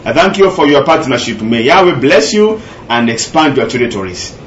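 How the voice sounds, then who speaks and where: A man's voice: medium pitch, sing-song, normal speed, echoey room, muffled recording, noisy background. A man preaching a sermon, teaching earnestly and repeating key phrases for emphasis. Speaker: pastor.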